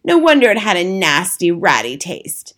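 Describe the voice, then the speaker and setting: A woman's voice: on the high side, animated, normal speed, a bit bright, voice pushed up. A woman voicing a stern, feisty old grandmother in a storybook reading, blunt and relentless as she argues. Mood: indignant.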